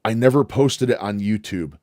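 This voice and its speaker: A man's voice: fairly low pitch, moderate pace. A man hosting a casual livestream, rambling and swearing as he reacts to clips. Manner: profane, rambling, excitable. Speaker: livestream host.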